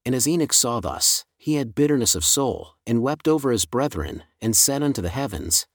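A man giving a solemn, measured, unhurried scripture reading. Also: mid-range voice, expressive, dry recording, clean studio sound. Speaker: scripture reader.

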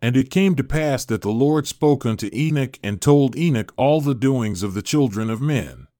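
A man reading scripture in a measured, solemn narration at a middle pitch. The recording is dry and close, with no room echo around the voice. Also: mellow. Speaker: scripture reader.

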